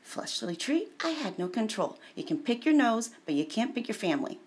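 A woman's voice: on the high side, sing-song, moderate pace. A woman talking about her faith in an emotional, personal monologue, often dropping into tearful whispers.

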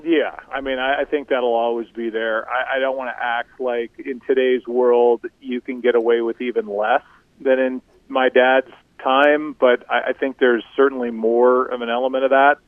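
A middle-aged man tells self-deprecating stories in a relaxed interview, often stumbling over his first words. He talks from a tinny, phone-like remote line with a dry, close sound and a voice of ordinary pitch. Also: dry recording. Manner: self-deprecating, halting with repeated restarts. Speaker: guest. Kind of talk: casual interview storytelling.

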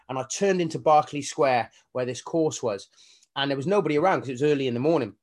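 This guest is a fitness coach in a casual interview, talking fast with a medium-pitched voice. Animated throughout, he swears offhandedly and performs the voices inside his own head as he tells his story.

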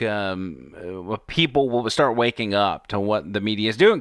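A man hosting a casual political talk show, speaking emphatically with halting restarts into a studio microphone. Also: medium pitch, a bit bright, smooth, no echo.

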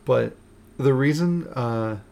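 Gravelly man rambling over drinks. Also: mid-range voice, slow, warm tone. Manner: rambling, joking, swears casually. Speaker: podcast host. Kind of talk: casual chat over drinks. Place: home, at night. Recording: home recording with clear background noise.

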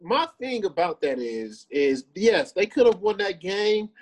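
A man co-hosting a sports podcast in casual chat, teasing his partner and quick to laugh and agree. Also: high voice, lively intonation, rough recording. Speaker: podcast co-host.

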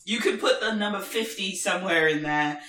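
A woman in casual podcast chat who rants with gusto, swears freely and laughs a lot. Her voice is bright and forceful. The recording carries a roomy echo. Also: medium pitch, a little fast. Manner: animated, ranting, swears freely, laughs often. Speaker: podcast co-host.

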